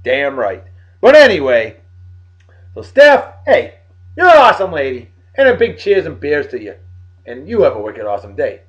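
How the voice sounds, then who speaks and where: A tired man giving joking, animated shout-outs to friends in a casual vlog. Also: on the high side, normal speed. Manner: animated, joking sports banter. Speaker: vlog host. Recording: dull lo-fi recording.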